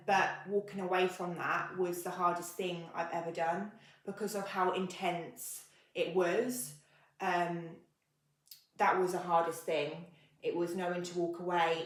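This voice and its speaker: A woman co-hosting a podcast, speaking candidly and earnestly, her sentences full of hesitant ums. Her voice sits a little lower than most, and the room around her rings with a noticeable echo. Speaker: podcast co-host. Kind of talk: candid conversational podcast chat.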